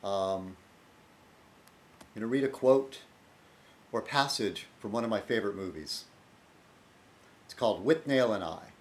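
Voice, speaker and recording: A man's voice: on the low side, unhurried, pauses often. A man hosting his own casual video blog and rambling in a self-deprecating way with frequent chuckles, recorded on a laptop webcam. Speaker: video blogger host. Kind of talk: casual vlog chat.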